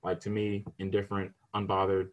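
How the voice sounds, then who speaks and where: A man's voice: brisk, lo-fi sound. A young man in casual podcast discussion, telling stories animatedly and mimicking relatives in raised voices. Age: young adult. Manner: animated storytelling, imitates family members in high voices. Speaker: student panelist.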